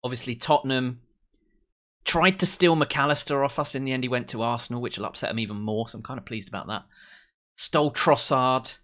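A young man commentating on his own football management game, excitable, cheering his team and mocking rivals. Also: mid-range voice, fairly quick. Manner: excitable, swears and mocks players. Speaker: let's play host.

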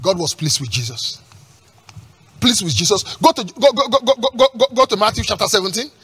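Male pastor, high husky voice, lively swooping delivery; emphatic sermon with call-and-response and shouts. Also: a little fast. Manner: emphatic preaching with call-and-response questions and repeated words; breaks into shouts at peaks.

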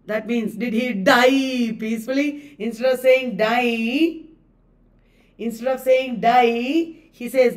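A woman's voice: a little high, takes it slowly, distant mic. A woman with an Indian English accent teaching a live online class, emphatic, repeating key phrases and checking that students understood.

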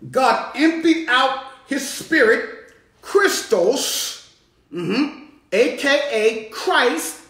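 Man, bishop, high voice, fervent sermon, echoey sanctuary. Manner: rising, shouting preaching with call-and-response. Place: church sanctuary.

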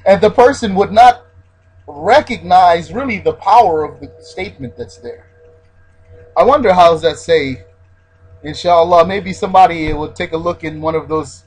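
A man's voice: sits high, breathy edge, low-quality recording. A man teaching a religious lesson, repeating his key points and stressing Arabic terms as he explains.

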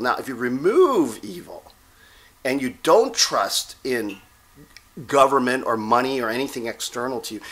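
A man giving a rambling, digressive vlog talk as a self-styled reverend, often pausing to check in with listeners. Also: mid-range voice, fairly bright tone. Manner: rambling, digressive, with frequent "okay?" check-ins. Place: Texas.

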